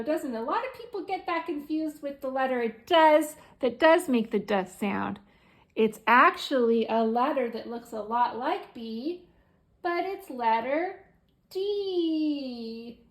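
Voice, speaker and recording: A woman teaching small children letter sounds in a slow, sing-song voice. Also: on the high side. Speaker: preschool teacher. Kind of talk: children's phonics lesson.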